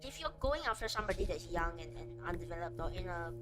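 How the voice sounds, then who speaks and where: A young woman streamer talking straight to her chat in an earnest, animated way, often restarting her sentences and leaning on fillers. Clear game music plays under her voice throughout. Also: lowish voice, fast talker. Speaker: VTuber streamer. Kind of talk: casual chat on a livestream. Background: background music.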